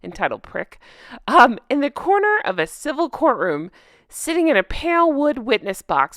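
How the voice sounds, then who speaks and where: Sarcastic female vlogger, lively pitch, frequent laughs, dry close recording. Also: moderate pace, no room sound. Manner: sarcastic, laughs often, animated. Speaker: commentary channel host. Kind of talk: casual commentary vlog, reading news aloud.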